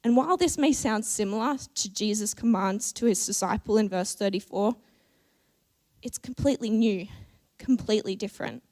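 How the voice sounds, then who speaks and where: A woman preaching a church sermon in a measured, earnest way, with deliberate pauses. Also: mid-range voice, a little mellow.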